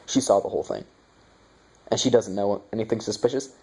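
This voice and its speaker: A man's voice: on the low side, brisk, warm tone, breathy edge. A young man giving a casual movie review, sarcastic and profane, with mocking asides.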